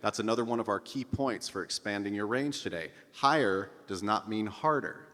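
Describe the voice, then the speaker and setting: Low-voiced male vocal coach, upbeat. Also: normal speed, fairly bright tone, in a large hall. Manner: upbeat, coaching, demonstrates nasal sung scales. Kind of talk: casual singing lesson with demonstrations.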